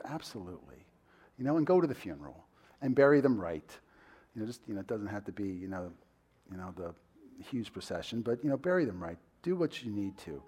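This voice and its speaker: Conversational male pastor preaching. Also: mid-range voice. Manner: conversational preaching with many fillers; rises to loud emphatic bursts. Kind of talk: sermon.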